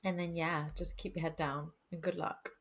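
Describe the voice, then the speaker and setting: A young woman co-hosting a casual podcast chat, slangy and quick to laugh. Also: sits low, level tone. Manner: chatty, slangy, laughs often. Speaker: podcast co-host.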